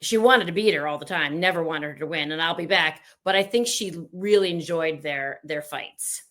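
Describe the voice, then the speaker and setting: A woman's voice: deep voice, normal speed, a bit bright. A woman being interviewed, telling rambling, playful stories about her acting work in a casual chat. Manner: chatty, rambling with restarts and playful asides. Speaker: interview guest, actress.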